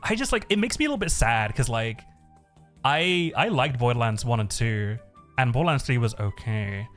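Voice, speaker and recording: A man's voice: mid-range voice, expressive, normal speed, a bit bright, soft background music. A man streaming live, chatting casually in a rambling way, swearing a lot and laughing often.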